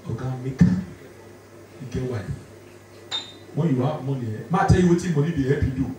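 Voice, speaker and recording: A man with a Nigerian accent doing live stand-up comedy, bantering quickly and laughing often. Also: medium pitch, background noise. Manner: rapid Pidgin-laced banter, laughing often. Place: large indoor venue with live audience. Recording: echoey hall from far off, loud crowd.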